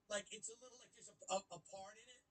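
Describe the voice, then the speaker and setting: A man with a high, husky voice rambling through comedic commentary on clips. He talks in sarcastic, profane riffs and restarts his sentences often, like a host holding forth to his listeners. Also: steady tone, fast, a bit bright, recorded from a distance, low-quality recording. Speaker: podcast host.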